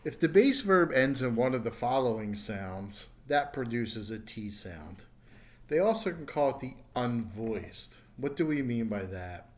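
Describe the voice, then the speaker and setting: A man teaching a recorded English pronunciation lesson. His voice sits in an ordinary middle pitch. He slows down and spells out each example word with careful enunciation. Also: expressive. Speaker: ESL teacher.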